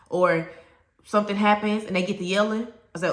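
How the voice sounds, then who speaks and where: A woman with a Southern US accent talks teachers through classroom respect in an emphatic, plain-spoken way. Her voice is bright and carries well. The room around her has a noticeable echo. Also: mid-range voice, animated, brisk. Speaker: teacher trainer. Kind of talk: teaching talk to camera.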